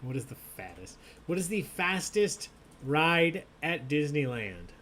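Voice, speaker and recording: Hosting a live online trivia night, a man reads the questions and trades jokes with players in an upbeat, animated way. His voice is on the high side, his pace measured, with slight background noise.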